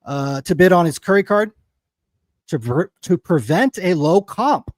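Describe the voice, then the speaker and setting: A man's voice: sits high, animated, unhurried, no echo. Profane, fired-up male stream host. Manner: profane, angry ranting. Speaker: livestream host. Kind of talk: heated casual commentary.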